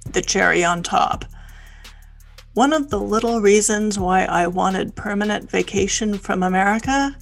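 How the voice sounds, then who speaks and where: A man's voice: sits high, unhurried, creaky, faint music behind. A man playing a weary, defeated apartment tenant who mutters in a glum, sardonic way. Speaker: comedy sketch character.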